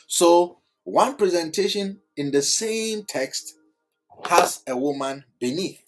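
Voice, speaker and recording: A man teaching at a writing board, slow and deliberate, repeating phrases word by word. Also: fairly high pitch, lively intonation, soft background music, low-quality recording. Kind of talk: whiteboard lecture.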